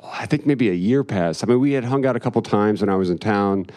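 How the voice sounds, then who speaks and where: A man's voice: lowish voice, brisk, darkish tone. Wry, cursing man telling a story. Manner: profane, rambling, wry asides. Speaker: storyteller on stage. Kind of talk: live storytelling with jokes.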